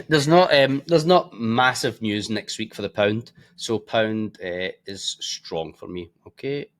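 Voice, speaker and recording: A man's voice: lowish voice, slow pace. Blunt, tired man on markets. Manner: blunt, swears freely, offhand asides. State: tired and yawning. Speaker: forex trading presenter. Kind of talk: casual market commentary.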